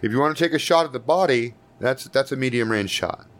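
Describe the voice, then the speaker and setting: A man's voice: mid-range voice, fairly quick. Man running a tabletop game, loose and profane. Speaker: game master.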